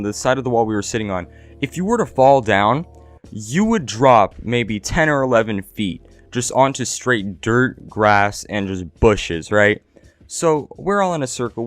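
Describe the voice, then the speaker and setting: A young man casually telling a story, slangy and profane, with lots of "like" and "right?" fillers. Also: medium pitch. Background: faint background music.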